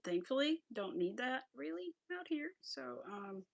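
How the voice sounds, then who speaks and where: Chatty woman with a gravelly edge. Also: sits high, very animated, unhurried. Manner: chatty, laughs often, drops to a whisper while counting stitches. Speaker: craft livestream host. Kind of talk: casual chat while crocheting.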